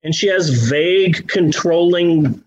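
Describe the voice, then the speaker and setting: A man's voice: fairly high pitch, slow pace, lo-fi sound. A man co-hosting a podcast in casual chat, ranting with exasperation and plenty of swearing. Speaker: podcast co-host.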